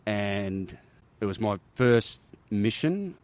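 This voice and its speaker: A middle-aged Australian man with a very low voice tells stories in a relaxed interview. He rambles, doubles back on his phrases and keeps checking in with "right?". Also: slow pace. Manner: rambling with restarts and frequent "right?" tags. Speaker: podcast guest, army helicopter veteran. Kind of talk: casual interview storytelling.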